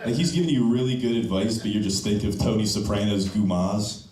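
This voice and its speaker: A young man doing stand-up in a club, his voice a little low and punchy, often ending lines on "okay?". The sound is roomy and comes from some way off the mic. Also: a little fast, a crowd in the background. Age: young adult. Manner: loose, punchy delivery, tags "okay?" to lines. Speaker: stand-up comedian. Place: comedy club stage. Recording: echoey room, mic from a distance.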